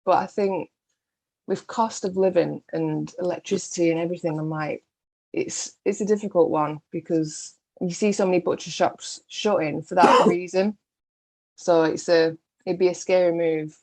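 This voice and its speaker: A woman's voice: fairly low pitch, fairly even intonation, normal speed, darkish tone. A woman butcher as a guest on an interview podcast, chatting casually and laughing often.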